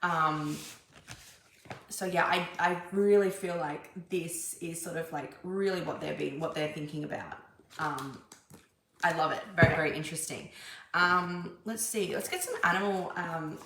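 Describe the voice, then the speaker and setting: A woman's voice: low-pitched, unhurried, a bit bright. A young woman giving a casual tarot reading, chatty and rambling with many fillers and restarts. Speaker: tarot reader. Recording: echoey room, faint background noise.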